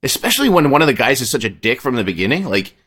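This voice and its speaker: A man co-hosting a podcast, talking fast and excitably with heavy swearing. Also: medium pitch, slightly rough. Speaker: podcast co-host. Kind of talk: casual chat.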